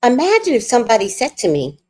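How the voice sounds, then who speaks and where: A woman telling a storytime rant on her livestream, animated, worked up and swearing freely. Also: fairly high pitch, fast talker. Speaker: livestream host.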